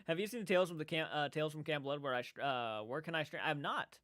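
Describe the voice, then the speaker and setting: A man hosting a casual livestream chat. He is rambling and excitable and often restarts his sentences. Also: a little high, a little fast, no room sound, studio quality. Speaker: livestream host. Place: indoor room.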